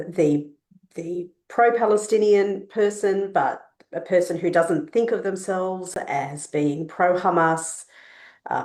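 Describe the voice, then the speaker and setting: Slow, low-voiced woman interviewer. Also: a little mellow. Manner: measured, hesitant, with fillers. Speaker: podcast host, interviewer. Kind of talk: reflective interview question.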